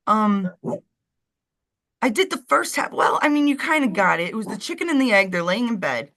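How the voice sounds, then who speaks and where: A woman's voice: medium pitch, big pitch swings, moderate pace, a bit bright. A woman co-hosting a live stream, chatting casually and rambling while she calls her dog over. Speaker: co-host of a live show.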